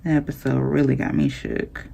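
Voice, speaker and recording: Young woman, low gravelly voice, chatty vlogger ranting straight to camera. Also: moderate pace. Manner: animated, talks straight to viewers with southern-style slang. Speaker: planner vlogger. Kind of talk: casual chatty rant while planning.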